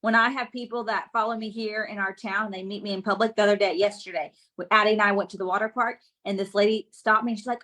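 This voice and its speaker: A woman giving a lively business coaching talk on a live stream, often checking in with her audience. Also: mid-range voice, quick pace, few pauses. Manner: energetic, keeps checking in with the audience.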